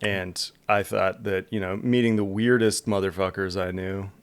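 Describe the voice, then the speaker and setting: Flat, low-voiced laid-back man. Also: moderate pace, clear, resonant tone. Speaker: podcast co-host. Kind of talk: casual chat.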